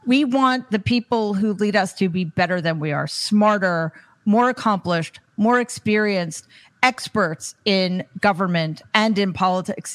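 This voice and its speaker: A woman hosting a political panel in a mid-range voice. Her delivery is firm and measured, and she breaks in to steer the conversation. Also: mid-range voice. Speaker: host.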